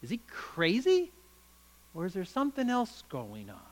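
A man's voice: high voice, wildly swooping pitch, moderate pace, low-quality recording. A man voicing a hardened, cynical Roman governor who questions with sly sarcasm. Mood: scornful.

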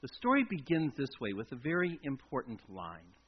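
A man preaching a sermon as a pastor, telling the story dramatically and swinging between loud emphasis and a near-hush. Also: medium pitch, very animated, a little fast, husky. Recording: dull lo-fi recording.

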